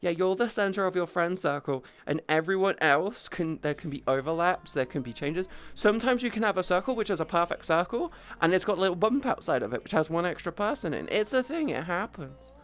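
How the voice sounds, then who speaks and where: A woman's voice: fairly low pitch, expressive, fairly quick, few pauses. A woman livestreamer in casual chat with viewers, rambling and chatty, breaking off to greet people, on a headset mic. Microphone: headset boom mic.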